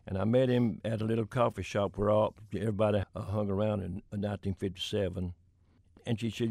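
Gravelly older man telling stories. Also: on the low side, fairly even intonation, a little fast, a little mellow, no echo, clean studio sound. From Florida. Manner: folksy anecdotal storytelling with chuckles. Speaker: country singer-songwriter guest. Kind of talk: storytelling in an interview.

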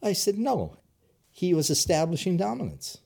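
Man, former private eye, interview guest, animated, mellow voice. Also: high-pitched, moderate pace, gravelly, husky. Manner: animated, storytelling, blunt. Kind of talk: casual interview talk.

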